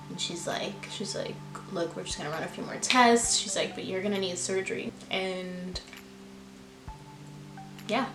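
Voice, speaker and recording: A woman speaks to camera in a candid, reflective storytime, leaning on fillers as she talks it through. Her voice bounces around a roomy, echoey space, and music plays clearly in the background. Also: medium pitch. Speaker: vlogger. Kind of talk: personal storytime vlog. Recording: echoey room with music behind.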